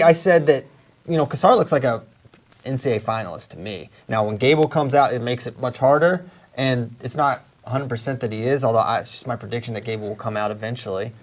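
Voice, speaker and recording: A man's voice: mid-range voice, a little mellow. A man hosting a casual sports talk show, opinionated and rambling, with many restarts. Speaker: podcast host.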